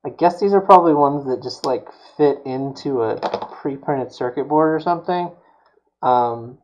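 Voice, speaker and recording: Slow-talking man muttering to himself. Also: a little high, a little mellow, lo-fi sound. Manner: mutters to himself, mild self-scolding. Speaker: streamer building a prop. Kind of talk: casual live-stream self-talk while crafting.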